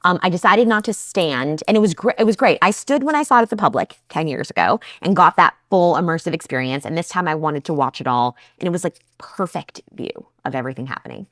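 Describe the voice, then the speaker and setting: A woman's voice: fairly low pitch, lively intonation, fast, few pauses, fairly bright tone, dry recording, clean studio sound. A woman from New Jersey co-hosting a casual podcast chat, enthusiastic and chatty with frequent fillers. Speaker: co-host.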